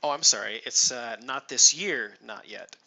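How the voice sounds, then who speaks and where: A man's voice: mid-range voice, normal speed, bright, forceful tone, rough recording. A man narrating as game master of a tabletop game, explaining rules and lore with frequent ums.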